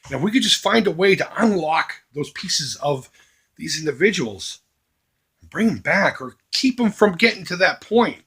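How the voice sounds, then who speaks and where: Vlogger, middle-aged man, lively earnest charity plea, husky bright tone. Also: sits high, normal speed. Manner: earnest, emphatic, swings between loud and hushed. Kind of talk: heartfelt charity appeal to viewers.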